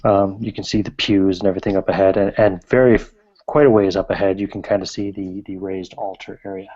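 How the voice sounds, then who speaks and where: A man's voice: deep voice, flat delivery, a little fast, a little mellow, muffled recording. A man narrating as game master of a tabletop game, hesitant and full of fillers.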